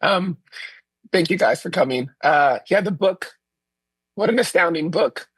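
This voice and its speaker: Male director, husky, tired voice, somewhat high, dry sound. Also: a little slow, no room sound. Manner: relaxed, thoughtful, with fillers. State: losing his voice. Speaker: film director. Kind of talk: Q&A answers over video link. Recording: remote video call audio.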